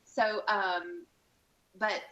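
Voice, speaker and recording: A woman co-hosting a casual chat, speaking hesitantly with frequent pauses and restarts. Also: mid-range voice, fairly even intonation, a bit bright, roomy sound, highs cut off. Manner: hesitant, many ums and restarts. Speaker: co-host.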